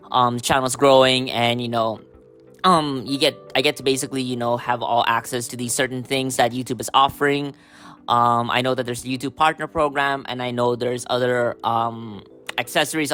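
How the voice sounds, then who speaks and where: A man hosting a casual solo podcast, hoarse from a cold, rambling with lots of fillers and throat-clearing. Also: mid-range voice, bright, forceful tone. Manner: rambling, full of "you know" and "um", throat-clearing. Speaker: podcast host.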